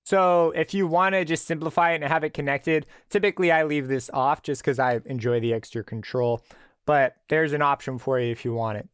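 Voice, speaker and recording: Male music tutor, easygoing, thinks aloud; clean, crisp, dry studio voice. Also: a little high, fairly quick, no room sound. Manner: relaxed explanatory, thinking aloud with fillers. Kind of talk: screen-recorded software tutorial.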